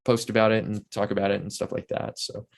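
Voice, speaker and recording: A man's voice: on the low side, flat delivery, quick pace. Enthusiastic older man telling rambling anecdotes. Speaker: interview guest. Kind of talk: casual interview storytelling.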